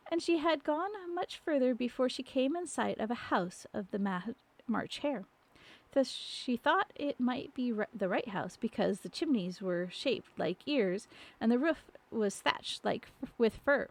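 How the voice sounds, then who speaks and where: A woman reading a storybook aloud on a live stream, unhurried, with small slips and restarts. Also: fairly high pitch, lively intonation. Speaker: storybook narrator.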